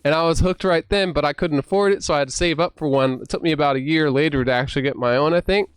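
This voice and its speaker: A man casually rambling through a story about game consoles, full of fillers and restarts, jumping into loud high bursts when he acts out his old amazement. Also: fast talker, clear, resonant tone, no echo. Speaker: gaming vlogger.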